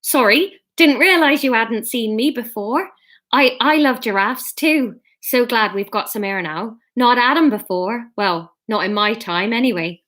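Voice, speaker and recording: A woman's voice: on the high side, expressive, measured pace, a bit bright. A woman voicing a chatty male zoo keeper with a Bristolian accent. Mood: friendly.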